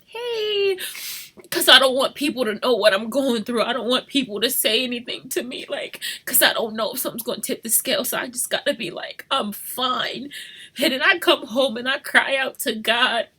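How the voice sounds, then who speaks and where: Tearful young woman, breathy bright voice. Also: a little high, normal speed. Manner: tearful, shifting between crying, soft whispers and rueful laughs. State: crying. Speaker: vlogger. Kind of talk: emotional confessional vlog. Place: home at night.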